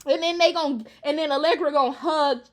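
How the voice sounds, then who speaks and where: A woman's voice: high-pitched, brisk. A young woman in a casual, profane rant reacting to a TV show, sassy and exasperated.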